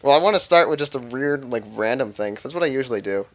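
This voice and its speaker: A young man co-hosting a casual gaming podcast, animated and swearing as he laughs his way through stories. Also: medium pitch, fast talker, dull audio. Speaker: podcast co-host.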